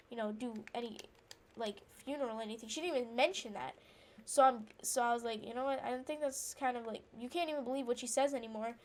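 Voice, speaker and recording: A woman's voice: on the high side, a little hiss or hum. A woman rambling through an indignant personal story while playing a game, with lots of fillers and restarts. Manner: breaks off to react to the game. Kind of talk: casual storytelling chat.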